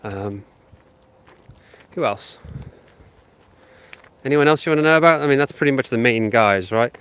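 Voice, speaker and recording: While strolling his dog through a housing estate, a channel host with a sinus infection sniffles his way through a casual live chat on a held phone, rambling and saying um often. His mid-range voice runs at normal speed with a fairly bright tone and slight background noise.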